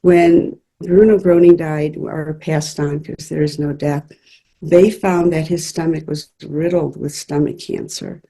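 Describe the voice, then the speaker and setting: A woman's voice: low voice, fairly even intonation, unhurried, gravelly, warm tone. A woman who works as a spiritual medium, earnestly telling personal stories in a chatty interview. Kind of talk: interview storytelling.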